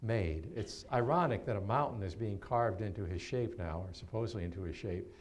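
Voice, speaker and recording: A man in his seventies from New York, giving a keynote talk as a storyteller and telling stories with animated swings and laughter. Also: lowish voice, fairly quick. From New York, USA. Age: 70s.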